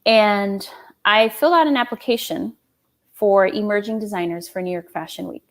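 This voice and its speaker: A woman in her thirties telling her own story in an interview, animated, laughing often and acting out quoted dialogue. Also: mid-range voice, normal speed. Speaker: guest, small business owner and designer.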